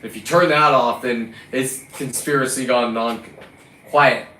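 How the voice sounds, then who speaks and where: A man's voice: medium pitch, steady tone, unhurried, pushed and bright. A man from California, a lobster fisherman, delivering a combative, profane vlog rant and scolding the lobsters he caught. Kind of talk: ranting vlog monologue. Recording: roomy, distant mic, faint ambient noise.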